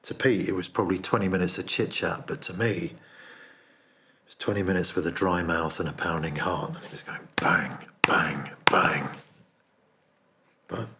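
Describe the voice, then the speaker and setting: A deep-voiced man plays a guilt-ridden narrator, telling his story in a low, hushed, confessional tone. The piece is a dramatic stage-style monologue with an intimate, quiet delivery. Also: slight background noise. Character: remorseful man confessing a cowardly betrayal. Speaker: actor performing a monologue.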